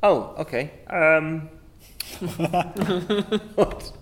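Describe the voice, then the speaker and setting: A man's voice: on the high side, extremely slow. A man improvising comedy in a playful, dry way.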